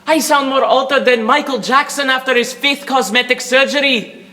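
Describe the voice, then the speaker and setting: A young male student competitor performs a humorous interpretation piece, playing a grumbling, self-pitying Scottish shepherd in a put-on Scottish accent. His very high voice is sharp and steady in tone at a normal speed, and his delivery is a theatrical, self-pitying rant.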